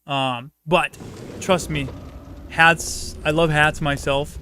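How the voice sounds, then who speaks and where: A man's voice: fairly high pitch, fairly even intonation, slow, pushed and bright, a little hiss or hum. A man hosting a live game stream, chatting casually and rambling with offhand swearing. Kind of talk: casual live-stream chat while gaming.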